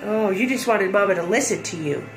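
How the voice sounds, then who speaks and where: A woman's voice: medium pitch, a little fast, reverberant, music in the background. A mother using sing-song baby talk with her infant at home, coaxing and drawn out.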